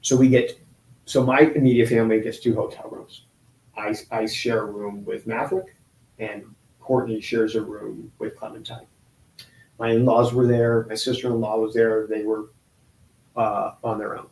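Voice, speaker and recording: A man in his forties telling a painful personal story in an interview, halting and restarting often. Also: on the low side, little pitch movement, creaky, darkish tone, a little hiss or hum. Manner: halting, with many restarts and pauses. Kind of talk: emotional personal account in an interview. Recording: roomy echo.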